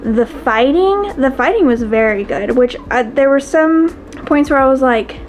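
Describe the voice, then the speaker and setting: A woman's voice: high voice, expressive, a little slow, a little hiss or hum, poor audio. A woman chatting expressively to her viewers in a casual reading vlog. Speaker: book vlogger.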